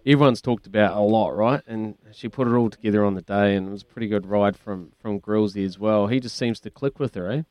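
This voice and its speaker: A man hosting a sports radio show. His voice is smooth and resonant, recorded dry and close, and he talks to his guest in a chummy, matey way. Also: on the low side, fairly quick, hardly any pauses, a little mellow, no echo. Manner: chummy, says mate often. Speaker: radio host.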